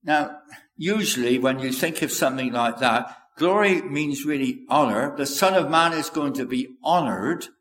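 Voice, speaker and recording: A man preaching a sermon in a measured, earnest way, quoting scripture aloud. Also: mid-range voice, lively intonation, fairly bright tone. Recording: echoey hall with long reverb.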